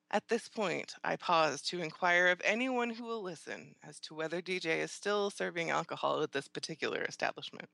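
A woman's voice: on the low side, normal speed, gravelly, hardly any pauses, pushed and bright, no room sound. A woman narrating a first-person audiobook in an acerbic, scornful, theatrical manner.

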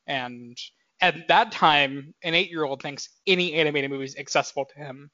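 A man in his twenties co-hosts a podcast, chatting casually with a sharp, fairly high voice at a moderate pace. He rambles and leans on fillers, often correcting himself. The podcast mic audio is dull and dry, with no echo.

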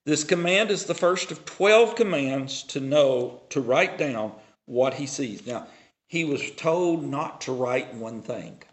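A man preaching a sermon, reading scripture aloud and explaining it with deliberate pauses. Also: mid-range voice, lively intonation. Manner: slow, deliberate preaching with dramatic pauses and swings in loudness; reads scripture aloud in a raised, declaiming voice.

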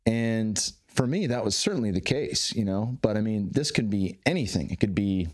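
Candid, swearing man with a low voice. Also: moderate pace. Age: 30s. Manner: candid, swears freely, animated. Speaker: podcast guest. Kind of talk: casual interview conversation.

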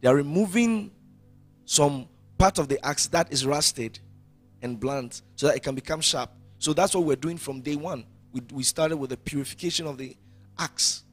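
A man preaching a sermon as pastor, rising loud and then dropping to quiet. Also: a little high, moderate pace, soft background music.

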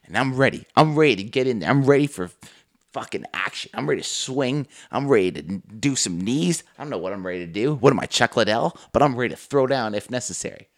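Animated, swearing young man telling stories. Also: medium pitch, fast talker. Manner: profane, animated storyteller acting out quotes. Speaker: podcast co-host. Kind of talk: casual storytelling chat.

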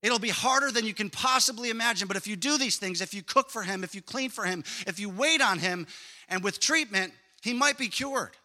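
A man voicing a calm, matter-of-fact male doctor delivering bad news. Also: sits high, brisk. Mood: grave.

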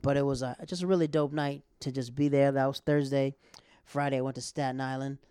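A young man, a stand-up comic telling stories in a casual chat, animated, laughing often and acting out what people said. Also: mid-range voice, smooth, no room sound, clean studio sound. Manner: animated, quick bursts, laughs often, acts out quotes. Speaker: stand-up comic and podcast host.

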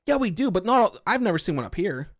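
A man from Western Pennsylvania hosting a podcast, chatting casually with his viewers in loud, profane, excitable rants. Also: sits high, quick pace, no echo, clean studio sound. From Western Pennsylvania, USA. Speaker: podcast host. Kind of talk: casual chat with live chat.

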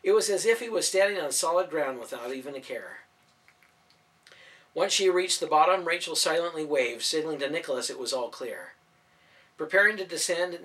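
A man narrating a storybook in expressive audiobook style. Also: fairly high pitch, fairly quick. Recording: voice from a distance off mic.

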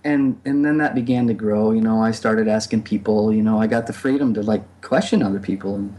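A man's voice: fairly low pitch, fairly quick, dark tone. Reflective man telling his spiritual journey. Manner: reflective, many fillers and restarts. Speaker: podcast guest. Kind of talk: casual conversation.

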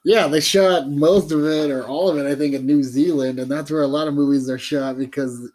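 A man's voice: fairly high pitch, steady tone, fairly quick, a little mellow. A man co-hosting a podcast in loose, profane casual chat, laughing often. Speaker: podcast co-host.

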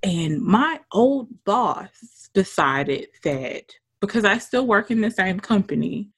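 A woman chatting casually as a co-host, telling a work story. Her voice rises and falls widely as she acts out quotes and swears freely. She sits at a middle pitch for a woman. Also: expressive, slow pace, husky. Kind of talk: casual chat.

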